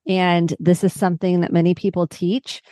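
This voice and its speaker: A calm woman therapist talks through her work in a relaxed, reflective manner. Her voice sits a little low, and the recording is close and dry. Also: moderate pace, no echo. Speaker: therapist guest. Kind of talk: casual podcast interview.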